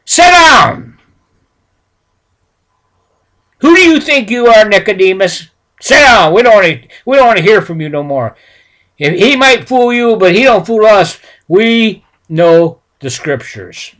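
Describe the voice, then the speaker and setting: A man voicing a crowd of furious, indignant temple leaders, shouting in outrage. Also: mid-range voice, wildly swooping pitch, brisk, hardly any pauses, husky, exaggerated voice.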